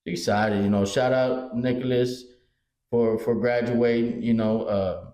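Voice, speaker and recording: A man's voice: medium pitch, measured pace. A man, chatting casually as a podcast co-host, telling stories with lots of swearing. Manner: profane, animated storyteller. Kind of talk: casual chat. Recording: echoey room.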